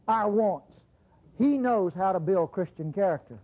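Husky preacher, big swoopy pitch, sounds like an old phone-line tape. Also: moderate pace. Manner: animated, swinging between low intimate asides and high bursts; addresses the congregation directly with call-outs. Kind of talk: sermon. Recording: tinny lo-fi sermon recording.

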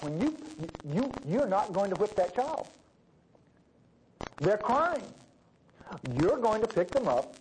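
A man's voice: high voice, a little hiss or hum, low-quality recording. A man preaching a sermon, acting out voices in his stories. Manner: folksy, animated, acts out voices in stories.

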